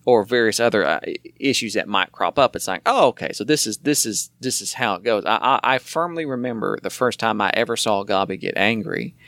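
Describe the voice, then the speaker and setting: A man's voice: lowish voice, animated, brisk, few pauses, fairly bright tone, dry recording. A man in casual conversation, rambling and repeating words as he searches for them. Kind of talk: casual chat.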